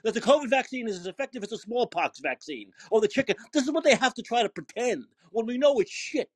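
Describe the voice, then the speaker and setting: A man's voice: extremely high pitch, lively intonation, fast, slightly rough, dry recording. A man hosting a call-in podcast, ranting angrily and swearing heavily. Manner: profane, ranting, emphatic. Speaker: podcast host. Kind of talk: angry call-in show rant.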